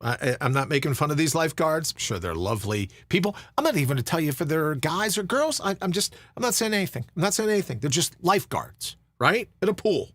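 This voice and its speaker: A middle-aged man spins a funny story as a podcast host, his pitch leaping up and down as he acts out other people's lines. The sound is dry and close, with no room around it. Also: sing-song, fast talker, few pauses, a bit bright, no room sound. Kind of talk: storytelling monologue.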